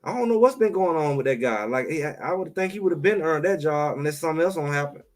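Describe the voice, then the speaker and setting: A man co-hosting a sports talk show in casual, emphatic chat, trash-talking and animated. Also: fairly high pitch, quick pace.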